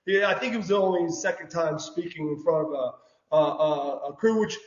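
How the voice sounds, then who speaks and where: A man, telling stories casually as an interview guest, animated and prone to repeating words. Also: a little high, moderate pace. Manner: animated storyteller, says "brother", repeats words. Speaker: guest, former wrestler. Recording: dull lo-fi audio in an echoey room.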